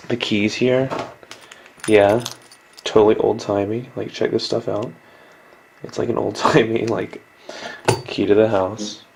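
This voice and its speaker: A man's voice: on the low side, fairly even intonation, measured pace, creaky, pauses often, background noise. A young American man rambling through a casual video diary as an exchange student, full of likes and ums and casual swearing. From United States. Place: indoors in a host family's house.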